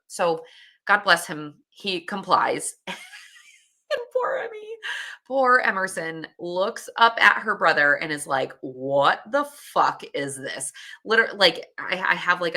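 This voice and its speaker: A woman's voice: deep voice, sharp tone. A woman in her late thirties, a podcast host, casually telling a candid story with laughs and swearing. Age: 30s.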